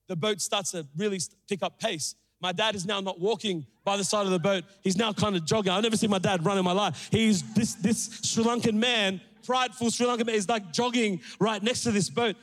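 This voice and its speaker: A young man preaching a sermon, telling a story with animated, acted-out quotes. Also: fairly quick. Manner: animated, acts out quotes with big pitch jumps. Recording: long hall reverb.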